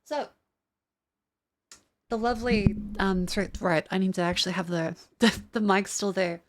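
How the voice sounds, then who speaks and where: A woman's voice: mid-range voice, moderate pace, slight background noise. A young adult woman streamer chatting casually and rambling, with many fillers and some swearing, while testing tracking gear. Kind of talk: casual live-stream chat.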